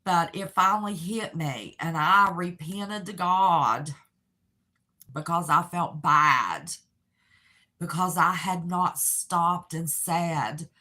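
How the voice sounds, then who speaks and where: A woman's voice: fairly low pitch, slow, bright, forceful tone. An older woman speaking as a channel host, giving an earnest, heartfelt personal testimony. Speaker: channel host sharing her faith and grief.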